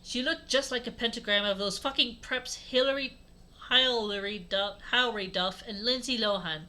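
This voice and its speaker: A woman's voice: a little high, moderate pace, bright, forceful tone. A woman hosting a comedic dramatic reading, breaking off for sarcastic asides that mock the text. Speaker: host reading aloud.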